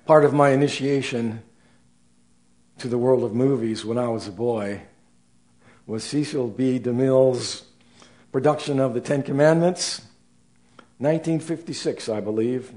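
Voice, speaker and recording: Older male preacher, sixties, measured sermon delivery, unhurried, voice rising for stress and dropping quiet at line ends. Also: medium pitch. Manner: slow, deliberate delivery with rising emphasis and soft trailing phrase ends.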